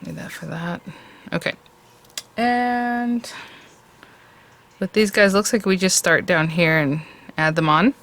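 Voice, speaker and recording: A woman's voice: fairly low pitch, slow, long pauses, a bit bright, slight background noise. A woman hosting a craft tutorial, chatting casually and thinking aloud as she works.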